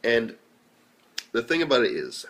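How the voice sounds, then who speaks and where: A young man giving a casual anime review, animated and swearing freely as he retells scenes. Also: medium pitch, measured pace. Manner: animated, swears a lot, acts out quotes.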